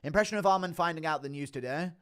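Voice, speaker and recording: Man streaming to chat, casual commentary, profane, giggly, slightly high voice, smooth clear tone. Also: very fast, fairly bright tone.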